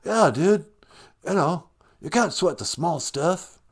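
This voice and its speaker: A man voicing a mellow male movie star caller who drawls surfer slang like dude and gnarly. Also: on the high side, expressive, slow pace, husky, pitched above the performer's own voice, heavily acted. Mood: easygoing.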